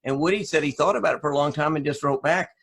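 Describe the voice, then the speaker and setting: A podcast host in a casual interview, relaxed, with frequent affirming backchannels. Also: male voice, fairly high pitch, fast talker, husky.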